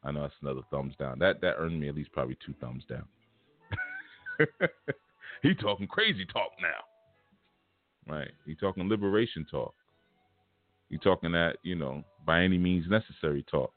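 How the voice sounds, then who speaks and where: A man's voice: rumbling low, brisk, no echo. A man giving a spiritual lecture in a casual, emphatic, vernacular preaching manner. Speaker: spiritual teacher. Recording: tinny phone-like line with faint music.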